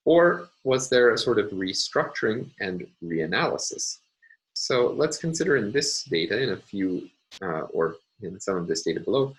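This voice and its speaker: A man lecturing on phonology, speaking in a measured, halting way with many fillers. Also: sits low, fairly bright tone, rough recording.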